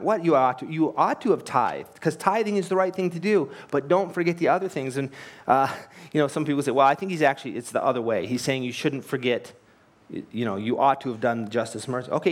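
A pastor preaches a sermon in a brisk man's voice that sits on the high side. He is earnest and emphatic, posing rhetorical questions and telling anecdotes with light laughs.

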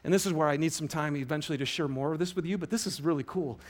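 High-voiced man preaching with passion. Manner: animated preaching, swinging from loud emphasis to hushed, drawn-out words. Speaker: pastor. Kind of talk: sermon. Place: church auditorium with a congregation.

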